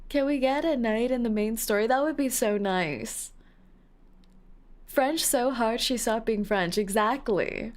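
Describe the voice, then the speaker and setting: A playful woman streamer who talks unhurriedly with her viewers, giggling and teasing as she reads out comments. Her voice sits a little high. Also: measured pace. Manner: playful, giggly, teasing, reading chat aloud. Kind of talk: casual live-stream chat while playing a game.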